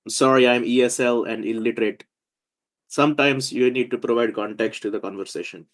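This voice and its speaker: A man from India with an Indian English accent, chatting casually as a podcast host in a joking, self-mocking, halting way. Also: medium pitch, steady tone, a bit bright. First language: not English. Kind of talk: casual chat.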